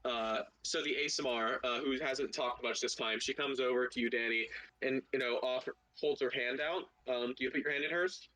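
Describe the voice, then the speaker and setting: A man's voice: medium pitch, brisk, pushed and bright, low-quality recording. A man running a tabletop game as game master, narrating loosely and laughing often.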